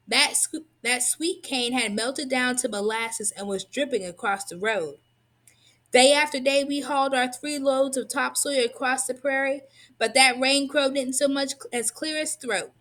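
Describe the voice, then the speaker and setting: A woman reading a children's tall tale aloud. Her storytelling is expressive and lively. Her voice sits a little high. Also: a little slow. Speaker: reader.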